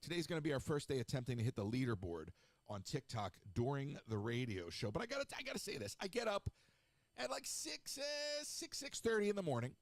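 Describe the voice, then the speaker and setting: A middle-aged man hosting a radio show, chatting in a snarky, rambling way with lively asides. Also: a little high, a little fast, no echo. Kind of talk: casual solo radio talk.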